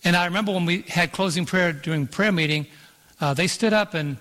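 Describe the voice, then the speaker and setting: A pastor in full sermon, a man whose voice sits a little on the high side. He preaches emphatically, stretching out scripture verses and asking the room for "Amen". The sound rings with the long reverb of a church auditorium. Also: a little fast, fairly bright tone.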